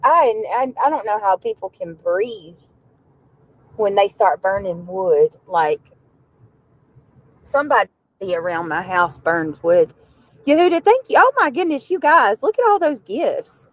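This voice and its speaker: A woman's voice: medium pitch, expressive, measured pace, poor audio. Rambling Southern woman streaming from a car. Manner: rambling, easily distracted, chatting to viewers. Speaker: livestreamer. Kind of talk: casual livestream chat. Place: riding in a car.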